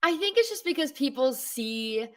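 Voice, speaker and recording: A young woman, an actress guest on an interview show, answering in a relaxed, casual way full of "like" and "you know.". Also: sits high, moderate pace, recorded from a distance.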